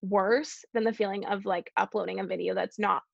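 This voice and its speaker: A young woman from Canada talks casually as a podcast guest, filling her sentences with "like." Her voice has a gravelly edge. The recording is dry and somewhat dull and lo-fi. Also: mid-range voice, steady tone, a little fast, no echo. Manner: chatty, lots of "like" fillers. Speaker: guest, YouTuber. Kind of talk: casual interview chat.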